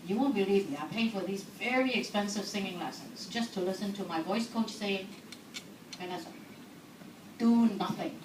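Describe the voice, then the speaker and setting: A woman's voice: mid-range voice, fairly quick, few pauses. A woman talking to a live audience, asking them questions and laughing often. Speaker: speaker. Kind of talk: lively talk to an audience. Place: hall. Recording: echoey hall recorded from far off, background noise.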